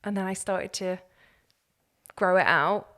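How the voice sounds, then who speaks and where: A woman, a podcast guest telling her own story in an earnest, animated way. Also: medium pitch, unhurried. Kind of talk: candid personal story.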